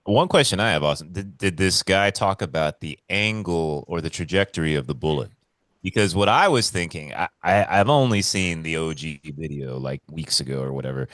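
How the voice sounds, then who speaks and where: A man with a very deep voice whose pitch jumps around a lot, co-hosting a casual podcast. He tells stories with animated, profane energy and a loose, offhand manner. The sound is dry and close. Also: moderate pace, no echo. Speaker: podcast co-host.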